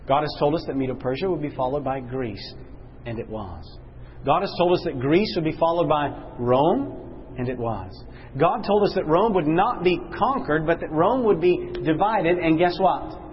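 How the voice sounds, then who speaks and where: Bible class teacher, man, higher voice, quizzes the room, slows down for emphasis; muffled recording. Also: animated, a little hiss or hum. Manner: questions the class, slows and drops low for emphasis.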